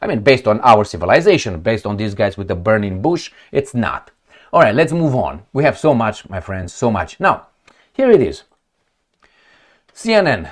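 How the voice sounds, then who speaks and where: A political commentator with a lowish voice talks at normal speed, reading articles on screen as casual commentary. The man comes across as sarcastic and animated, swears, and speaks to his viewers like friends.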